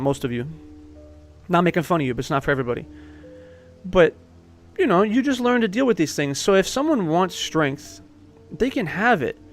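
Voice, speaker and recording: A man talking as a life coach in a casual monologue, blunt and swearing, often laughing as he makes his points. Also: on the high side. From Italian heritage.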